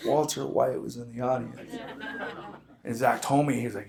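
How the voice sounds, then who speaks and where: A man from the Navajo Nation doing a stand-up comedy set, an animated, laughing storyteller who talks in slang. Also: medium pitch, normal speed, gravelly. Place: comedy club stage with live audience. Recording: echoey club room with audience noise.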